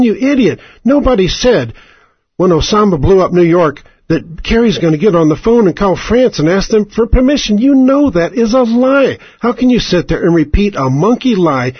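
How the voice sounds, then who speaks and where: A man's voice: sits high, slightly rough, dry recording. A man hosting a radio show, ranting in a furious, profane, mocking way and firing off rhetorical questions. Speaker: radio host. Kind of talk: angry political radio rant. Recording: dry, dull lo-fi radio sound.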